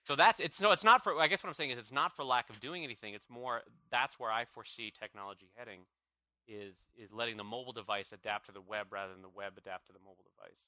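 A man's voice: mid-range voice, quick pace, no room sound. A man co-hosting a podcast, chatting casually and jokingly, often slipping into comic voices. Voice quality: animated, jokey, slips into comic voices. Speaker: podcast co-host. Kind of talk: casual comedic chat.

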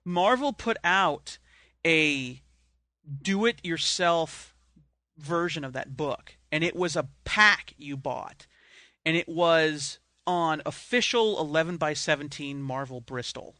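A man's voice: a little high, slow pace, pushed and bright, no echo. A man co-hosting a podcast, telling rambling, self-deprecating stories in casual banter. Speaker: podcast co-host.

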